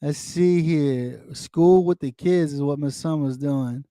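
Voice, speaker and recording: A man's voice: fairly high pitch, takes it slowly, mellow, no room sound, clean studio sound. Rambling man chatting with livestream viewers. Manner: rambling, repetitive, addresses viewers by name. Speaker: livestream host. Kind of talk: casual livestream chat reading viewer comments. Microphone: desktop microphone.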